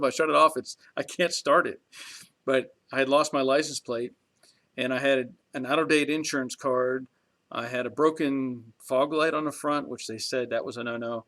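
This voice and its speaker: On his garage channel's live stream, a middle-aged host talks at length, reads out viewer comments, and chuckles as he rambles. His voice sits at a medium pitch with a slightly bright quality.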